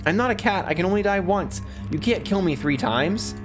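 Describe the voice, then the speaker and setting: A man's voice: on the high side, sing-song, normal speed, music in the background, pitched above the performer's own voice. A man voicing a frightened young woman who pleads and panics in a game playthrough. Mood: pleading.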